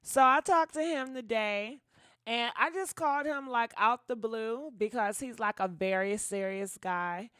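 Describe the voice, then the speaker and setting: High-voiced chatty woman livestreamer. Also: unhurried, pushed and bright, no echo, clean studio sound. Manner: chatty, dramatic, laughs and thanks donors. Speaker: gossip channel host. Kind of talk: casual livestream chat with viewers.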